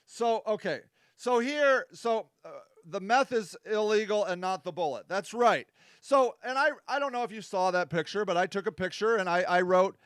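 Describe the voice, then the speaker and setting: High, smooth-voiced man rambling on. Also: normal speed, fairly bright tone, no echo, studio quality. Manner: rambling and self-deprecating, with many fillers. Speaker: host. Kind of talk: casual live-stream talk reading viewer comments.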